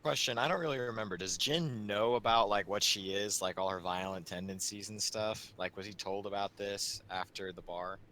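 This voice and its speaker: A man's voice: fairly low pitch, fairly even intonation, moderate pace, few pauses, sharp tone, slight background noise. A man talking casually as a player in an online tabletop game, over a computer mic. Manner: casual, chatty. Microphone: computer mic on a voice call.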